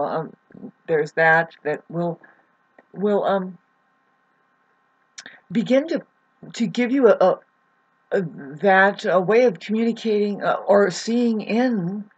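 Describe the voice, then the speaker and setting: Husky-voiced woman in her forties, rambling. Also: deep voice, muffled recording. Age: 40s. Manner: halting, with many fillers and restarts. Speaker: astrology vlogger. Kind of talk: casual rambling astrology talk.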